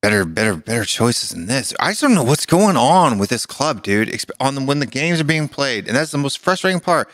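A man's voice: medium pitch, very animated, fairly quick, few pauses, fairly bright tone, no room sound. Young guy podcast cohost, rambly and fed up, um-ing a lot, dead dry mic. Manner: exasperated, rambling, frequent fillers. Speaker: podcast co-host. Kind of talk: casual chat.

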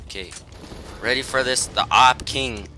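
A young gaming YouTuber plays a shooter at his home computer, offering casual, jokey commentary and often yelping and laughing. His voice is mid-range and measured in pace, with game gunfire behind it.

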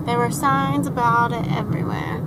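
A woman's voice: fairly high pitch, fairly even intonation, normal speed, distant mic. A young woman chatting and teasing her partner during a car trip. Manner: teasing and giggly. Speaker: vlogger on a road trip. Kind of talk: casual travel chat. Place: inside a moving car. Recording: car noise in the background.

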